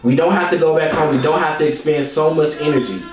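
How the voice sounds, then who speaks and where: Man, motivational talk, storytelling, repetitive, says y'all, fairly high voice, very echoey room. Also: quick pace. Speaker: real estate investor and presenter. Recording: echoey room, distant from the mic.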